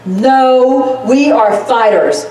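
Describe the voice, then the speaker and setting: A woman's voice: a little high, drawn-out words, dark tone. A woman giving a folksy, fired-up political rally speech, laughing often as she talks. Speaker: rally speaker. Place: rally crowd event. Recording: echoey sound from far off.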